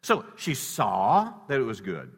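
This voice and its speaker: A man preaching a sermon built around a personal story, swinging between loud emphasis and hushed lines. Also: mid-range voice, wildly swooping pitch, measured pace, gravelly, slightly rough. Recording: reverberant hall.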